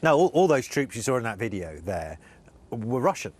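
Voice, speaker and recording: A male correspondent reporting live in a news interview, earnest and halting with many restarts. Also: mid-range voice, very animated, darkish tone.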